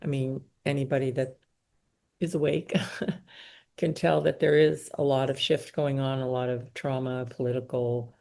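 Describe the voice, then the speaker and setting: Gravelly woman host asking rambling questions. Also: very deep voice, little pitch movement, a little slow, mellow. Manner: rambling, searching questions with many restarts. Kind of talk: interview questions.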